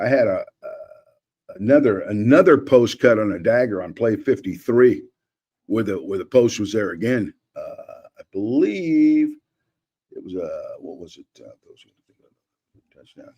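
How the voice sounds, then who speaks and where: Husky older coach breaking down film. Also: male voice, medium pitch. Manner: animated, acts out quotes, many restarts. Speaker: former offensive coordinator, analyst.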